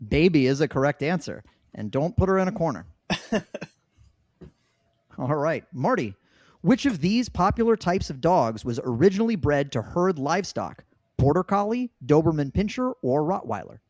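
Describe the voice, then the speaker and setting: A man's voice: on the high side, big pitch swings, moderate pace, a little mellow, dry recording, studio quality. A man hosting a casual podcast trivia game, joking and laughing easily as he reads out the questions. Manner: laughs often, loose and joking. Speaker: trivia quiz host.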